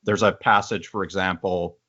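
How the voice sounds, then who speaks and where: A male interviewer asking a writer thoughtful, measured questions about his work. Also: low-pitched, steady tone, pushed and bright, slightly rough. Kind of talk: interview questions, reading a quoted passage. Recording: dull, muffled sound.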